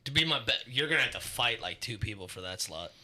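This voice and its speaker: Bright-voiced crude, swearing male co-host. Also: on the low side, lively intonation, quick pace. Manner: crude, swears a lot, blunt. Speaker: podcast co-host. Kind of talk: casual comedic chat.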